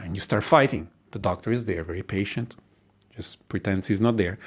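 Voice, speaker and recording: A man's voice: on the low side, a little fast, husky. A man delivering a profane, sardonic comedic rant about philosophy and human existence. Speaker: monologuist.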